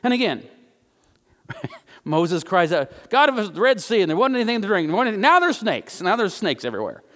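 A man preaching a sermon in a conversational way, acting out the voices of biblical figures and slowing down for emphasis. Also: sits high, very animated, a bit bright, in a large hall. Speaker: pastor.

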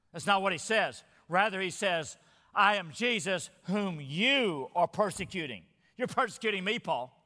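A man's voice: high voice, sharp tone. A man preaching an expository sermon, reading scripture aloud with earnest, dramatic emphasis. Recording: long hall reverb.

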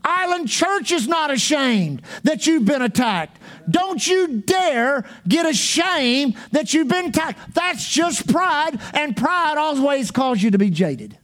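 A male pastor preaching a fervent sermon, driving points home with repetition and bursts of shouting. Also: very high-pitched, sing-song, slow pace.

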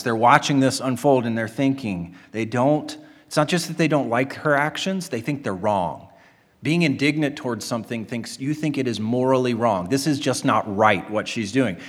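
A man's voice: mid-range voice, a bit bright. A man preaching a sermon in an earnest, emphatic way, asking rhetorical questions and answering them. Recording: long hall reverb.

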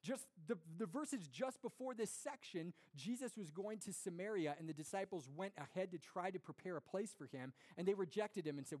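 A young man giving an earnest, conversational sermon to a congregation, with lively storytelling and rhetorical questions. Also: high-pitched, moderate pace, hardly any pauses. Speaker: pastor.

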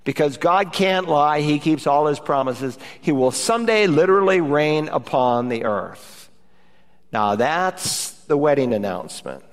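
A male pastor preaching a sermon in an animated way, often raising his voice for quoted hallelujahs and amens. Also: fairly high pitch, measured pace. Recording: reverberant church hall.

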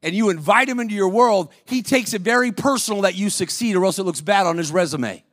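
A male preacher with a high, bright voice delivers a lively sermon, calling out to the congregation and slipping into voices as he tells stories. The sound is dry and close, with no room echo. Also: quick pace. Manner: energetic, calls out to the congregation, acts out voices in stories. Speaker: guest preacher. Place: church.

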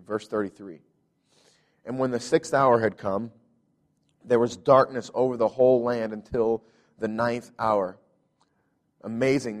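Earnest male pastor preaching. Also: fairly low pitch. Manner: earnest, repeats words when stressing, rises in intensity. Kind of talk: sermon.

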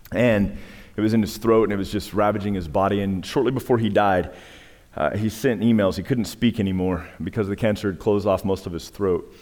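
A male pastor preaching a sermon, his voice climbing in emphatic peaks and dropping to a hush when he tells stories. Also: lowish voice. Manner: preaching with rising emphatic peaks and hushed storytelling. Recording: long reverb of a large hall.

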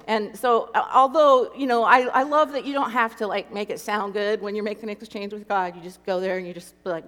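A woman's voice: medium pitch, normal speed. A middle-aged woman giving a personal testimony talk, telling her story conversationally and acting out her inner speech. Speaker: Christian speaker. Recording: long hall reverb.

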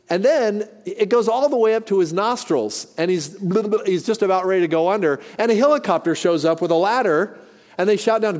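A man's voice: fairly high pitch, normal speed, darkish tone. Male pastor, folksy joking sermon delivery, reverberant sanctuary sound. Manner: folksy, joking storytelling with frequent restarts.

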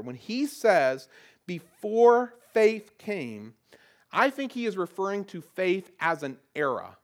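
With a high, slightly bright voice, this middle-aged Southern pastor delivers his sermon in a conversational style. He speaks with a Southern American accent and frequently restarts phrases by repeating words.

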